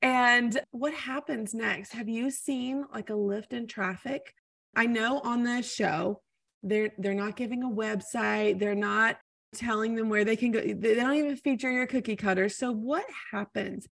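A woman's voice: a little high, fairly even intonation, measured pace, vocal fry, fairly bright tone, no echo, clean studio sound. A woman hosting a podcast interview, chatting enthusiastically in long, run-on thoughts. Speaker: podcast host. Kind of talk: casual interview chat.

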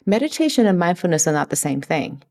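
Earnest woman guest, lowish voice. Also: sing-song, fast, a little mellow. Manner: earnest, acts out quoted dialogue. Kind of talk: conversational interview.

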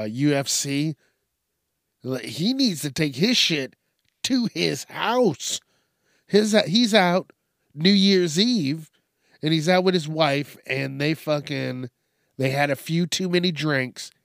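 A man hosting a profane comedic news show, ranting and telling stories in a crude, animated way. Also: a little high, slow pace, no echo, clean studio sound. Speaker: show host.

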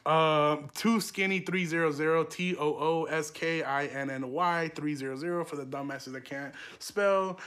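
Young man, fairly high voice, podcast host, casual profane storytelling, rambling. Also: unhurried, a bit bright, clean tone. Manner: profane, rambling, laughing asides.

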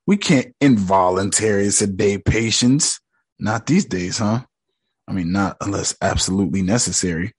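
A man voicing a calm, smug male psychiatrist in a low, measured, condescending tone. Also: slightly rough.

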